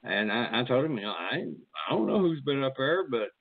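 A man's voice: mid-range voice, very animated, fairly quick, no echo. Man yarning over a phone line. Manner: rambling storyteller, swears freely. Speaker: host. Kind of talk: casual chat.

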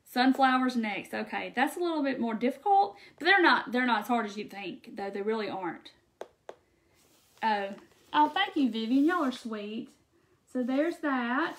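A woman's voice: fairly high pitch, fairly bright tone. Chatty Southern woman from Mississippi. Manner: chatty, folksy, laughs often. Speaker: craft livestream host. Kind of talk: casual live chat with viewers. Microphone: phone or webcam on a live stream.

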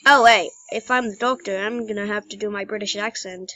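A woman hosting her own gaming channel, giving casual commentary as she plays and bursting into excited shrieks. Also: mid-range voice, brisk, few pauses, dry recording, dull audio, soft background music.

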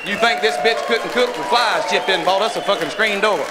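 A man with a North Carolina Southern accent doing a crude stand-up set, with a rough, profane, drawling punchline delivery. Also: sits high, a little fast. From North Carolina, USA. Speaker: stand-up comedian. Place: comedy club stage. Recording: live club with crowd laughter and noise.

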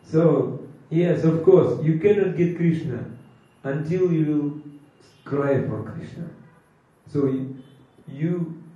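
A man giving a slow, emphatic sermon, drawing out chanted phrases and mixing in Hindi. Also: on the high side, mellow. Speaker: preacher. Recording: echoey hall from far off, dull lo-fi sound.

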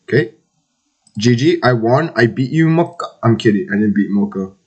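A man's voice: medium pitch, lively intonation, normal speed, breathy edge, dull audio. A man chatting casually over voice chat while gaming, teasing and trash-talking his friends. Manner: teasing, playful trash talk. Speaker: online game player.

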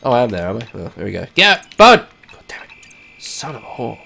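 A man giving rambling, self-mocking let's play commentary that breaks into loud, excited yells and swearing. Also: fairly low pitch, fast, creaky, slightly rough. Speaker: gaming channel host.

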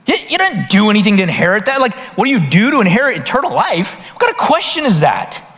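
A man delivering a sermon from the pulpit, his voice pitched high and swinging widely as he talks straight to the congregation. He peppers his preaching with quick questions and stumbles into restarts. The sanctuary adds a long, ringing reverb. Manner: animated, conversational preaching with frequent restarts and rhetorical questions. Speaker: pastor. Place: church sanctuary. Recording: hall reverb in a church.

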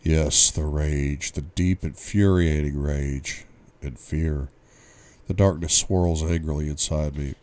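A man reading a novel aloud, giving steady first-person audiobook narration. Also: rumbling low, takes it slowly. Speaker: book reader.

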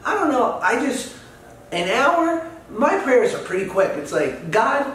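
A man in his thirties with a high voice, hosting a loose podcast chat full of dry, joking asides. He is picked up from a distance in a very echoey room, with a faint hum underneath. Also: big pitch swings, measured pace, fairly bright tone. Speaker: host.

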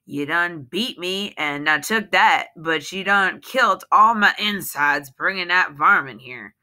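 A woman's voice: fairly low pitch, lively intonation, measured pace, pushed and bright, full character voice. A woman voicing a frightened, bitter wife who pleads and accuses in heavy dialect. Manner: pleading, then cold and hard. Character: frightened, bitter Southern washerwoman, adult.

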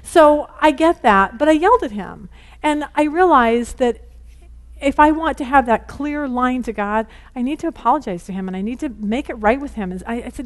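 Brief: middle-aged woman, Bible study teacher, fairly high voice, chatty and candid, rushed. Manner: chatty and candid, rushing against the clock; acts out family conversations in lively quoted voices. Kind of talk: informal Bible lesson.

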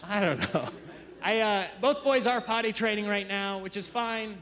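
High-voiced man doing stand-up. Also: moderate pace, a crowd in the background. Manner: conversational, self-interrupting, jokey. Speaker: stand-up comedian. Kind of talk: stand-up comedy set. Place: theater stage before a live audience. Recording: reverberant hall with audience laughter.

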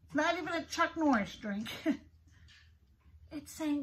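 A woman's voice: sits high, a little slow, rough recording. A middle-aged woman giving an earnest, heartfelt devotional talk as a prayer podcast host, often repeating herself.

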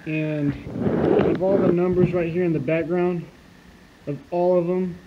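A man's voice: high-pitched, fairly even intonation, measured pace. A man talking over a video clip, profane and insistent as he explains a hidden message. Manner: profane, insistent conspiracy talk. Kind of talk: casual video commentary. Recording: dull lo-fi sound with clear noise.

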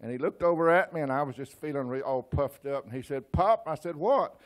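A man's voice: medium pitch, fast talker. An older man in his sixties with an East Texas accent, preaching a folksy sermon full of personal stories and stammered restarts. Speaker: church speaker.

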